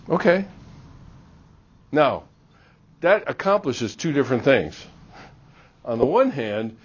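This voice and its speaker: A man's voice: mid-range voice, breathy edge, muffled recording. A middle-aged man giving a classroom lecture, acting out short exchanges as he teaches. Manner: animated, acts out little dialogues. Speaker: university lecturer.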